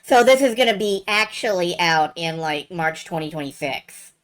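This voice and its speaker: A woman's voice: fairly low pitch, animated, normal speed. A woman streamer giving casual live commentary while playing a game demo, wry and enthusiastic, swearing freely and thinking aloud.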